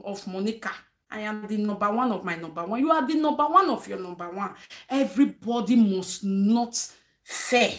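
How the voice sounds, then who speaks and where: A woman's voice: mid-range voice, animated, normal speed. A woman with a Nigerian accent giving advice straight to her viewers, emphatic and preachy, mixing Pidgin with English. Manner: emphatic, preachy, asks "eh?" for agreement. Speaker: vlogger. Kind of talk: advice monologue.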